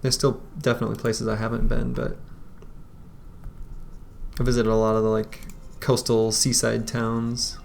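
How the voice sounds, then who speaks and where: A man's voice: mid-range voice, monotone, moderate pace, gravelly, pauses often, a little hiss or hum. A man streaming a strategy game, chatting casually and greeting viewers as he plays. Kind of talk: casual live-stream chat. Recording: faint music behind.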